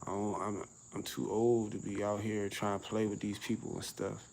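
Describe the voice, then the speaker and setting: Middle-aged male vlogger, low gravelly voice, casual street slang, outdoor recording with faint background noise. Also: monotone, moderate pace, darkish tone, poor audio. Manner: laid-back, slangy, laughs often, acts out quotes. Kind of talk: casual outdoor vlog rant. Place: outdoors on a summer evening.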